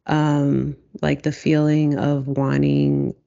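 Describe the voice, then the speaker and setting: A person in a reflective casual conversation, speaking slowly and searchingly with many fillers. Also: medium pitch, monotone, gravelly, mellow, dull audio.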